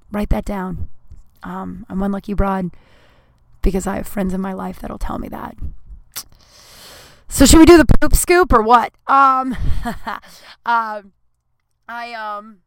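A woman's voice: medium pitch, bright, forceful tone, no echo, clean studio sound. A young adult woman hosting her own podcast, telling candid stories in a rambling way with many ums and self-deprecating asides. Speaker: podcast host. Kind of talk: casual solo podcast storytelling.

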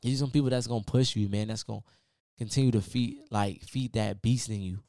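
Male podcast host, low register, casual sermon-like pep talk, dry close mic. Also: fairly even intonation, fairly quick, dark tone, no echo. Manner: casual, preachy, repeats "man" often. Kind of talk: motivational solo podcast rant.

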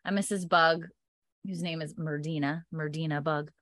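A woman's voice: low-pitched, dry recording. Woman animatedly retelling a story. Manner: animated retelling, acts out characters in quick voices. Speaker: podcast co-host recapping a TV episode. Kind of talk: casual chat.

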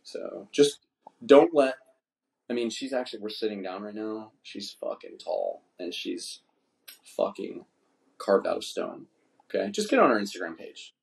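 An American man hosting a podcast, brash, excitable and swearing constantly. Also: lowish voice, normal speed, vocal fry. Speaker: podcast host. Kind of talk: casual podcast chat. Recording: roomy room echo.

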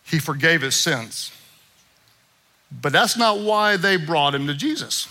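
A man preaching a sermon as pastor, leading call-and-response and rising to shouts. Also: fairly high pitch, animated, takes it slowly. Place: church sanctuary with congregation.

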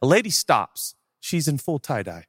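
A man preaching with a high, bouncy voice that swings through a wide range. He keeps the tone bright and jokey and breaks into sudden shouts. The sound is close and dry. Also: big pitch swings, moderate pace, husky, no room sound. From Seattle area, USA. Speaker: pastor. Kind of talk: humorous sermon storytelling. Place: church stage before a live audience.

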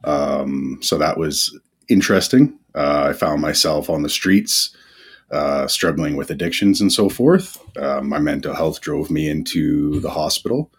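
A man talking as a podcast guest in a candid, halting way, with many pauses and fillers. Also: a bass voice, expressive, husky. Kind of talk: casual podcast interview.

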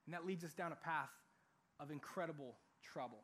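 A young man preaching a sermon in a lively, animated way, acting out what people say. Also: a little high, brisk. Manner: animated, acts out quoted voices. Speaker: youth pastor.

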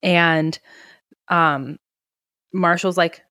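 A woman's voice: lowish voice, steady tone, drawn-out words, pushed and bright, clean tone, dry recording, clean studio sound. A woman casually recapping a film on a podcast, acting out the characters' lines with plenty of swearing. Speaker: podcast co-host. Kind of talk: casual movie recap chat.

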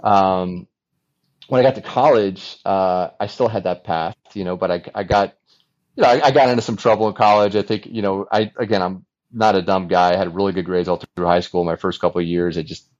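A man in his forties, a former Navy fighter pilot, speaking as a podcast guest in an earnest, animated storytelling manner that acts out remembered dialogue. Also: low-pitched, brisk. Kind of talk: conversational storytelling. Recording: dull lo-fi recording.

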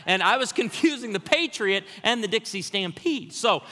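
A man, a guest pastor, preaching a humorous sermon full of stories in an animated way in a church. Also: high-pitched, moderate pace, a little hiss or hum. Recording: church hall reverb.

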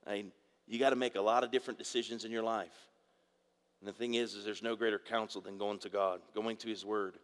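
A man's voice: lowish voice, steady tone, brisk, big-room sound. A middle-aged man preaching a sermon in a conversational way, with asides and questions to the congregation. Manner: conversational preaching with asides and audience call-outs. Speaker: pastor.

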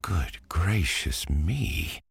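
A man voicing a brisk, fussy Halloween witch in a bedtime storybook reading, half-whispered and breathy. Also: low-pitched, very animated, no echo, clean studio sound, pitched above the performer's own voice, heavily acted.

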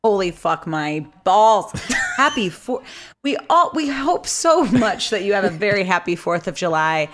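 A woman's voice: mid-range voice, unhurried, background noise. A woman co-hosting a podcast, chatting casually, swearing and laughing often. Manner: swears casually, apologetic and giggly. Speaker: podcast co-host. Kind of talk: casual comedic chat.

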